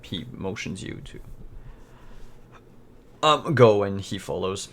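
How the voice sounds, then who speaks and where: A man narrating as game master of an online tabletop game, relaxed with fillers and restarts. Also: deep voice, slow pace. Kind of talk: narrating a tabletop game over a video call.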